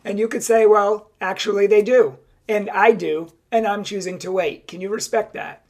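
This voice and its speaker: A woman's voice: mid-range voice, steady tone, moderate pace, darkish tone. Emphatic young woman giving advice. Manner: emphatic, acts out both sides of dialogues. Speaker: Catholic speaker. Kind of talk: direct-to-camera advice talk.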